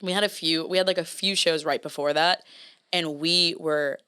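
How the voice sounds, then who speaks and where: A woman's voice: sits low, fairly even intonation, normal speed, pushed and bright, clear, resonant tone. A young American woman in casual podcast chat as a guest musician, talking loosely with lots of fillers. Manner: chatty, loose, many filler likes.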